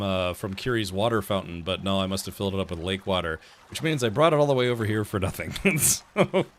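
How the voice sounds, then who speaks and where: A man's voice: lowish voice, fairly bright tone. A man hosting a let's play stream, chatty and easily distracted while he plays. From United States. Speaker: streamer host.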